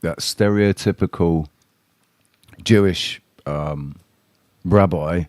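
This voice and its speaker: Low-voiced man rambling on a livestream. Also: measured pace, a little mellow, dry recording, studio quality. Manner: rambling, blunt, swears freely; addresses chat viewers directly. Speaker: live streamer. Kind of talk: casual livestream chat with viewers.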